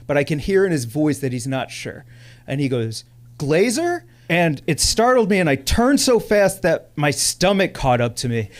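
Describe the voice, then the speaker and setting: Animated stand-up comic on a club stage. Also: male voice, a little high. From Chicago. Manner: animated, exclaiming, laughing through lines. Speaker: stand-up comedian. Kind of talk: stand-up comedy set. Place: comedy club stage with audience.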